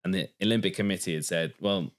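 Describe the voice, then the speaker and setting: A man's voice: low-pitched, quick pace. An English man co-hosting a podcast, chatting casually and telling stories with an easy laugh. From United Kingdom. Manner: chatty, storytelling, laughs easily. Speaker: podcast co-host. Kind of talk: casual chat.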